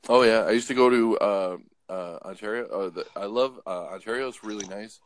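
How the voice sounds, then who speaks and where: A man's voice: fairly low pitch, moderate pace. A man who drives trucks, telling jokey, rambling stories in a casual chat. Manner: rambling, jokey, lots of uh and restarts. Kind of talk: casual joking storytelling.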